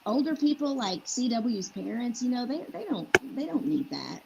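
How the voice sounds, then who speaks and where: A woman's voice: on the high side, sing-song, moderate pace, vocal fry, muffled recording. A woman in casual chat who speaks hesitantly and repeats herself. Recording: loud background noise.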